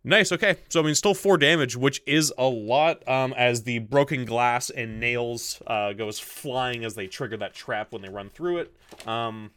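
A man's voice: mid-range voice, a little slow, fairly bright tone, smooth, no echo. A man running a tabletop role-playing game as game master, describing the scene and rules with many fillers and asides to himself. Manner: many fillers, mutters to himself while setting things up.

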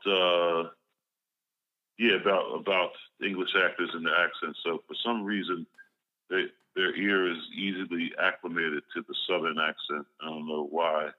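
Low-voiced male actor guest from Philadelphia, reflective and soft-spoken, muffled lo-fi audio. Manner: reflective, trails off and restarts, drops to quiet musing. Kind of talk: casual interview chat. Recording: dull lo-fi sound.

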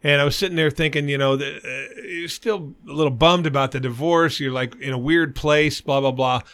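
Give me a middle-aged man with a gravelly edge telling crude stories in casual chat. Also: fairly high pitch, fairly quick. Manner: crude, animated anecdote-telling with frequent swearing. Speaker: podcast co-host.

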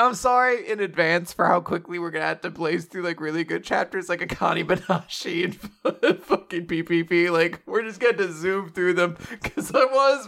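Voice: medium pitch, creaky, fairly bright tone. A podcast co-host in casual chat, sarcastic and laughing, mocking with profanity.

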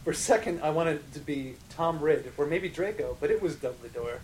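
A man guesting on a podcast, reading bad fan fiction aloud with exaggerated emphasis and quick asides. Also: mid-range voice, a little mellow, slight background noise, low-quality recording.

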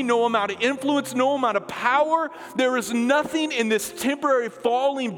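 A passionate middle-aged male pastor preaches with a notably high-pitched voice. His delivery is emphatic and driven, easing into soft, hushed lines. Music plays under him, and the church hall rings with a long reverb. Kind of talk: sermon. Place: church sanctuary.

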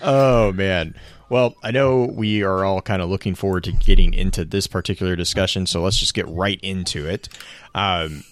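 A man's voice: low voice, moderate pace. A man hosting a casual online podcast, reading sponsor notes and then chatting loosely with restarts. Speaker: podcast host.

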